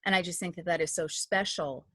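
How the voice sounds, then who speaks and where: A woman's voice: lowish voice, brisk, fairly bright tone, breathy edge, no echo, studio quality. A woman in her thirties, an audio description narrator, telling stories in a chatty interview with many restarts. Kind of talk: casual interview talk.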